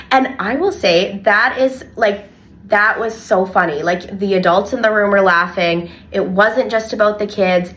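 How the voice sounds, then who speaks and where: A young woman in a casual podcast chat, talking fast and animated and filling her stories with "like". Her voice sits at an ordinary middle pitch. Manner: animated storyteller, heavy filler "like". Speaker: podcast co-host and childcare worker.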